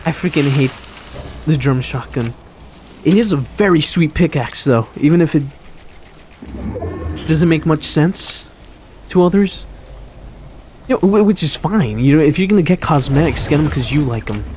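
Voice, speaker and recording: A man's voice: fairly high pitch, lively intonation, moderate pace, pauses often, darkish tone, a little hiss or hum. Rambling man commenting on his game. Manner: rambling, self-mocking, chuckling. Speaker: gaming commentator. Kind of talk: casual gameplay commentary.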